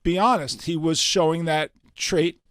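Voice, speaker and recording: An older man with a fairly high voice, a guest musician on a radio interview, tells stories in an unhurried, animated way and acts out the dialogue he quotes. The radio studio recording has no room sound.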